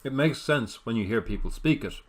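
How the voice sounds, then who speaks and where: A man's voice: medium pitch, expressive, normal speed, a little hiss or hum. A man casually commenting on a football management game, rambling and self-correcting with wry understatement. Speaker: gaming video host.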